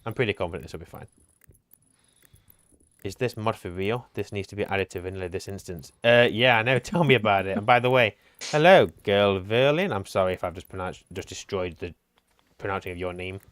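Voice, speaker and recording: Deep-voiced and brisk, this male streamer has a fairly bright tone captured in clean studio sound without echo. Playing a co-op game on stream, he chats casually, thinks out loud and trades jokes with his partner.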